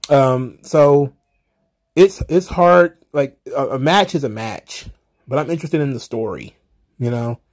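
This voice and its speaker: A man's voice: medium pitch, a little slow. A man hosting casual solo wrestling recap commentary, rambling and wry, often exasperated, with the odd swear.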